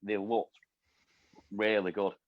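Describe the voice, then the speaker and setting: A man with a somewhat low voice co-hosts a casual film review chat. He speaks casually and a little hesitantly. His mic sounds dull and lo-fi, with a dry, close sound. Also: flat delivery, takes it slowly, no echo. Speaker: podcast co-host.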